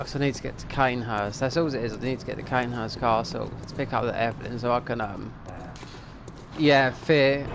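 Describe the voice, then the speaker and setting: A man's voice: mid-range voice, steady tone, brisk, vocal fry, music in the background. A middle-aged man, rambling and thinking aloud as he comments on a game, now and then swearing at it. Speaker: streamer. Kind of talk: casual gameplay commentary.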